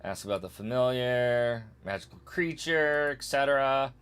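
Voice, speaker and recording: A man's voice: mid-range voice, steady tone, normal speed, hardly any pauses, a bit bright, clear, resonant tone. A man streaming a retro game, joking casually and skipping the game's text with strings of blah blah and meow. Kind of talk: casual let's-play commentary.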